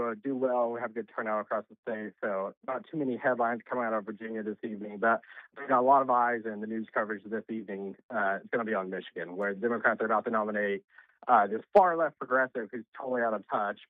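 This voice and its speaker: A male political commentator calls in over a tinny, phone-like line. He talks quickly and emphatically, with plenty of filler words. The sound is dry and close. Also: medium pitch, dry recording. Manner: brisk, emphatic, frequent fillers.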